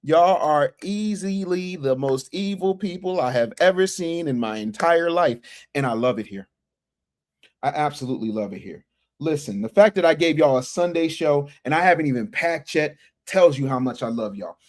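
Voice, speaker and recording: Man, slightly high voice, casual livestream host, slangy talk to chat. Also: lively intonation, moderate pace. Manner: talks straight to chat, reads out super chats, slangy. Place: his office.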